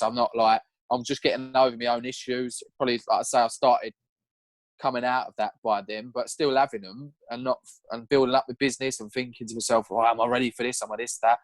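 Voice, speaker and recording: A man's voice: medium pitch, no echo. Chatty young man, dry mic. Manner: animated, acts out his own past lines in a raised voice; swears casually, laughs through his story. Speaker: podcast guest. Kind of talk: casual storytelling chat.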